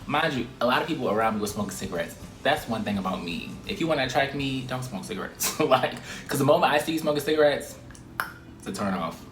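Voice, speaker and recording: A young man vlogging a casual storytime, animated and profane, with laughing asides. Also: mid-range voice, fast talker, hardly any pauses. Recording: roomy echo.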